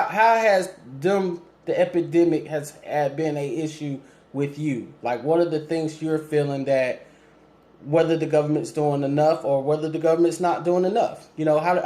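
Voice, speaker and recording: A man hosts a casual call-in talk show in a slightly high, mellow voice. He speaks to listeners and callers directly, fills gaps with ums, and keeps a polite but firm tone. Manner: laid-back, lots of ums, asks listeners questions. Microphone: streaming setup with cameras.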